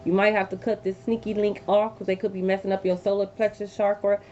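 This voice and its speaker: A woman's voice: level tone, quick pace, a little mellow. A woman doing a casual tarot reading, telling a story in a blunt, emphatic, profane way. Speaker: tarot reader. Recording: dull lo-fi with faint rumble.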